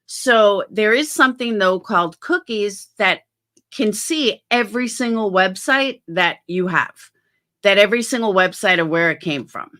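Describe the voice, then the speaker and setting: A middle-aged woman with a bright, clear voice talks straight to her viewers in a casual commentary vlog. She is blunt and defensive, swearing freely as she sets the record straight. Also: medium pitch, expressive, normal speed. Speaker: YouTube commentary host.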